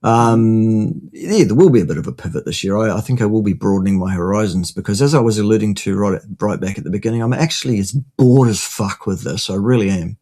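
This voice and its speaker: A man's voice: on the low side, a little fast, hardly any pauses, dark tone. A man hosting a casual chat, blunt and sardonic, swearing freely. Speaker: host.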